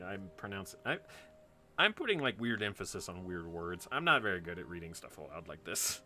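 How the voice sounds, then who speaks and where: A man's voice: low-pitched, very animated, brisk, sharp tone. A man streaming a game, making casual, self-deprecating asides about his own reading aloud. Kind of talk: casual gameplay commentary.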